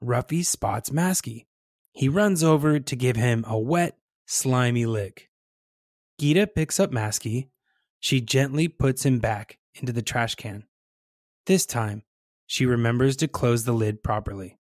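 A children's storyteller reading aloud gently and expressively, leaning into the sound words. The pace is slow and deliberate, and the voice is mid-range. It is recorded dry and close, with no room sound. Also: medium pitch, no echo.

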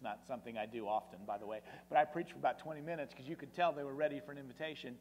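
A male preacher telling personal stories in a sermon, slowing down and repeating lines for emphasis, with big shifts in loudness. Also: a little high, in a large hall, slight background noise. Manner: dramatic swings in volume, slow emphatic repetition. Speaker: guest preacher. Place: church sanctuary.

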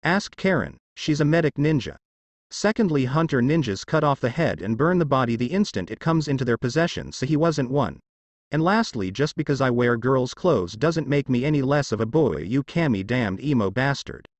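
A man voicing a blunt teenage boy ninja who fires back sharp, cursing retorts in a fanfiction reading. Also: medium pitch, expressive, normal speed, no room sound, lightly acted. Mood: retorting.

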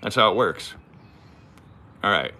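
Californian man in his thirties, livestream host, animated and bright, drifts and jokes at his own expense. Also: fairly low pitch, measured pace. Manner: rambling and self-mocking, reads viewer comments aloud. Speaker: channel host. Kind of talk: casual livestream chat. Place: home, moves about the property. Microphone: phone.

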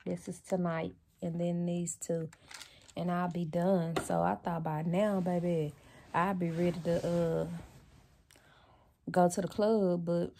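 A woman's voice: on the low side, little pitch movement, slow pace, gravelly, warm tone, a little hiss or hum. A woman vlogger chatting casually to her viewers, blunt and chatty, swearing freely and often laughing. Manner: laughs often while talking. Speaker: lifestyle vlogger. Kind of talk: casual chat to camera.

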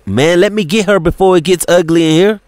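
A man's voice: sits high, brisk, darkish tone, no room sound, voice pushed up, close to an everyday voice. A man voicing a protective older brother who squares up to strangers, tense and pushy. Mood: worried. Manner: tense, confrontational, raised voice.

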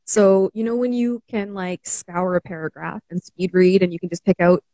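A Canadian woman coach chatting on a live show, laughing easily and often. Her voice is mellow and relaxed, and the sound is close and dry with no room echo. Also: on the low side, normal speed. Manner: warm, laughs often, many fillers. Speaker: mental wellness coach. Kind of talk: casual live-stream chat.

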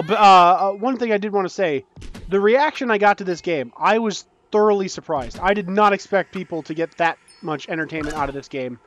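A young man giving casual, excitable commentary while playing a game, breaking into panicky outbursts and joking about his own skill. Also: a little high. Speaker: gaming YouTuber.

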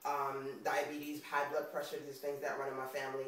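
A woman with a New York accent talking casually to camera in a motivational vlog, chatty and expressive and often laughing. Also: very deep voice, brisk, recorded from a distance. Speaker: vlogger. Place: indoors on camera. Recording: very echoey room, off mic.

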